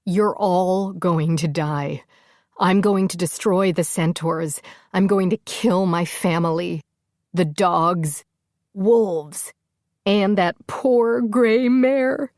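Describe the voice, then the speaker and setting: A woman narrator voicing a panicked, tearful young warrior woman, pitched up and pleading in an audiobook. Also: steady tone, takes it slowly, vocal fry, dry recording, clean studio sound. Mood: distraught. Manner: distraught, sobbing, self-blaming.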